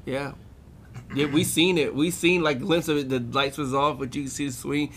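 A man's voice: on the high side, steady tone, moderate pace, fairly bright tone. A man in casual chat with friends, telling a story with lots of laughter.

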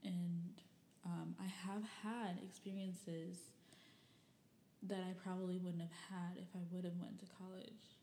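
A woman's voice: lowish voice, flat delivery, a little slow, mellow, roomy sound, slight background noise. A young woman from Michigan telling personal stories and reading old diary entries in a rambling, candid way, full of fillers and the odd curse. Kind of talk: personal storytelling.

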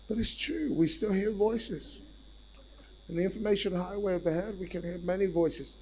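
A male preacher delivers a sermon with a slightly high voice. He repeats key phrases and calls out to his listeners for responses. His delivery swings between soft asides and forceful emphasis. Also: unhurried, pauses often, poor audio. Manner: animated, repetitive, calls on the congregation.

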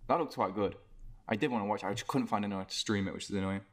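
Young man, rapid casual chat, joking and cursing, slightly low voice. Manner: joking, swearing, teasing. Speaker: podcast co-host.

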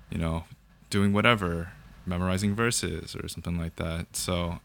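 A young man calmly sharing his faith story in conversation, thinking aloud and often checking in with "right?". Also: low-pitched, normal speed, creaky. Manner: reflective, thinks aloud with fillers and repeated "right?". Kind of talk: casual conversation about faith.

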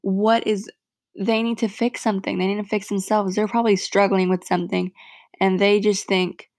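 A young woman talks straight to her listeners in a casual solo podcast, earnest and blunt, full of "like" and swearing. Her mid-range voice has a steady gravelly fry. The sound is dry and close. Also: medium pitch, normal speed, no room sound. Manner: frank and heartfelt, swears freely, many "like" fillers. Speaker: podcast host.

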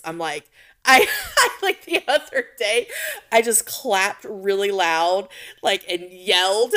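A young woman, a teacher, co-hosting a casual chat podcast, excitable and laughing as she acts out what people said. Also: mid-range voice.

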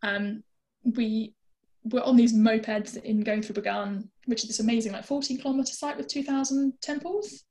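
British woman yakking away on a podcast, slightly high voice, tons of "um" and "you know". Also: normal speed. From Britain. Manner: chatty, lively, many fillers. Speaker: guest. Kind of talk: casual storytelling chat.

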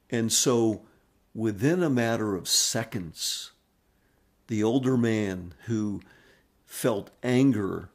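A man's voice: lowish voice, gravelly, slightly rough. A man hosting a podcast, telling a story in a rambling monologue full of fillers and restarts. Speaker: podcast host.

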